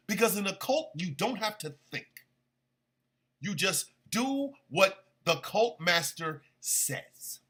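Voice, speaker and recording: High-voiced man in a slow, profane rant. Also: animated, pushed and bright, husky. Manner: profane, exasperated and sarcastic. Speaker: radio stream host. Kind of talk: heated political rant.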